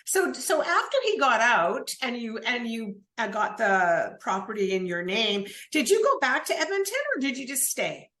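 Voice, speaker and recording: A woman hosting an interview, prompting her guest gently and giving short supportive replies. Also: fairly high pitch, big pitch swings, moderate pace, few pauses. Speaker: podcast host.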